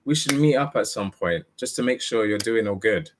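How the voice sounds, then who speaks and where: Laid-back forgiving friend, casual and reassuring, as a storyteller quotes him. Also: male voice, fairly low pitch, lively intonation, normal speed, natural voice. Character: relaxed, forgiving man friend.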